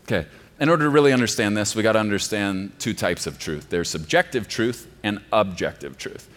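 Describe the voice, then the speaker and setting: A male pastor delivering a sermon, swinging from quiet, low passages to loud, emphatic ones. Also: expressive, a little fast. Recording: long reverb of a large hall.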